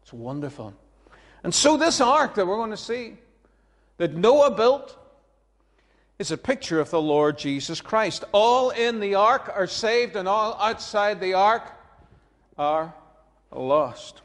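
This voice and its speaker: A man's voice: high voice, animated, a little slow, long pauses, long reverb tail. A man preaching a sermon, conversational and emphatic, chuckling between his points.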